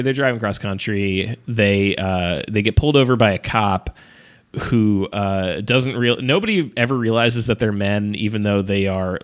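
A man's voice: lowish voice, a bit bright. A man on a podcast casually recapping a movie plot, rambling with lots of fillers and laughing as he retells scenes. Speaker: podcast co-host.

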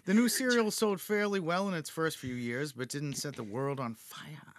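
Podcast guy reading notes out loud, goofs around and laughs a lot, kinda high voice, dry close mic. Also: moderate pace, no echo. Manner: jokey, laughs often, reads notes aloud. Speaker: podcast host. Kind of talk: casual podcast chat reading facts.

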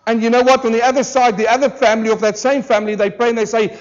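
A pastor preaching a sermon to a church congregation, emphatic and full of rhetorical questions, slowing down hard on key words. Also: male voice, extremely high pitch, level tone, lo-fi sound. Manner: emphatic, with rhetorical questions and slowed, drawn-out stresses. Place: church service.

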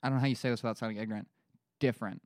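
Joking man from Pennsylvania, smooth voice. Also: mid-range voice, steady tone, rapid-fire, no room sound. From Pennsylvania, USA. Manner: joking, reads news aloud. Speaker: podcast co-host. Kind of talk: casual podcast chat.

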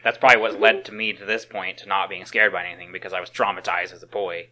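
A man's voice: deep voice, little pitch movement, fast, over a noisy crowd, low-quality recording. A young man co-hosting a casual podcast, telling stories with lots of swearing and laughter. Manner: profane, storytelling, laughs a lot. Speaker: podcast co-host. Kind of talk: casual chat.

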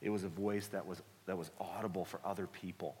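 Low-voiced man preaching in a reverberant hall. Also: steady tone. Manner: conversational, earnest, drops soft and slow for reassuring lines. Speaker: guest preacher, book author. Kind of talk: sermon. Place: church sanctuary. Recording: long church hall reverb.

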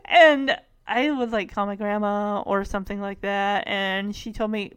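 A woman's voice: medium pitch, steady tone, a little slow, few pauses, clear, resonant tone. A woman casually recapping a sitcom episode, rambling and correcting herself with many asides. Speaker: show recap host.

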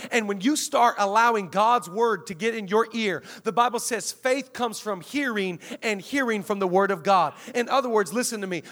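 A man pastor preaching a sermon to a congregation, emphatic and energetic, with shouted peaks and call-outs to the audience. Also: high-pitched. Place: church auditorium before a live congregation.

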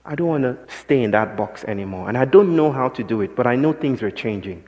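A man giving a public talk, telling stories in a measured, philosophical way. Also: mid-range voice, lively intonation, mellow, dull audio. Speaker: speaker. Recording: long hall reverb.

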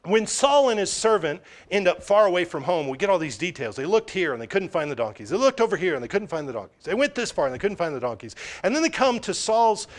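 Man, preacher, high voice, chatty sermon, animated delivery. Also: fast talker, few pauses. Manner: conversational, animated, self-correcting.

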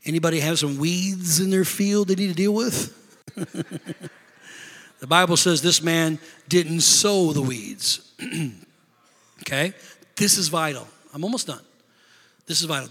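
A middle-aged man preaches in a large church hall, and his bright, ringing voice carries a long reverb. He tells stories, rising to loud bursts, then dropping to a hushed, confessional tone. His pitch sits a little high for a man. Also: a little slow, pauses often. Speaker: pastor. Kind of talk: sermon.

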